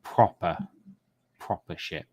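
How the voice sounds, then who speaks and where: A man's voice: slow pace, dark tone. A man hosting a model-making livestream, casually reading out viewer comments and murmuring admiration over the models.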